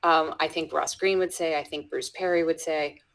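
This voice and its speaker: Soft-spoken woman telling a classroom story. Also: low-pitched, fairly even intonation, normal speed, poor audio. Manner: drops into soft whispers when quoting, frequent restarts. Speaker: educator guest. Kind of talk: storytelling in a conversational interview.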